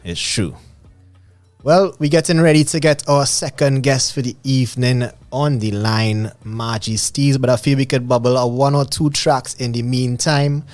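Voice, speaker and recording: A man's voice: mid-range voice, moderate pace, darkish tone, no room sound. A man with a Trinidadian accent hosting a live music radio show, with easy, slangy patter between tracks.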